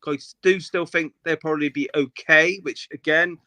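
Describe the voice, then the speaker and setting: A man's voice: on the high side, fairly even intonation, moderate pace, bright, forceful tone, no echo. A man, co-hosting a casual football chat, opinionated and rambling with many restarts. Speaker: podcast co-host.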